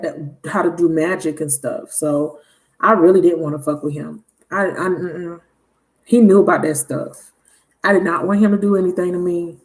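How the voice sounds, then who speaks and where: A woman hosting a live tarot reading stream, telling a story in a casual, animated and blunt way. She laughs often and swears freely. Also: fairly low pitch. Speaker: tarot reader livestream host. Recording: roomy echo.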